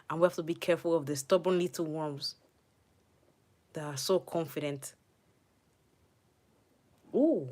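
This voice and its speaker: A woman giving live gameplay commentary as a channel host, excitable, squealing at the game and dropping to hushed, muttered asides. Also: low-pitched. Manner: excitable, squealing and talking to the game's players.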